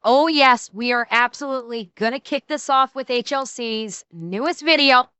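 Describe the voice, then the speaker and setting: High-pitched woman streamer reacting, bright sharp voice, dry close sound, swears a lot. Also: normal speed, clear, resonant tone, no room sound. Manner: excitable, swears, frequent restarts. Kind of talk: casual reaction commentary.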